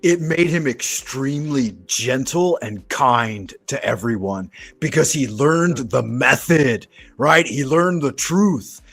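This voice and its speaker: A man's voice: medium pitch, animated, takes it slowly, fairly bright tone. A man from Southern California hosting a casual chat, telling rambling, profane anecdotes. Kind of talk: casual conversational storytelling.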